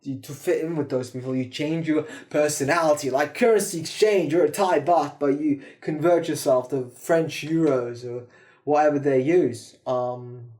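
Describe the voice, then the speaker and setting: A man talking to camera in a casual, profane monologue as a self-improvement host, rambling and jumping between loud bursts and quiet asides. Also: fairly high pitch, normal speed.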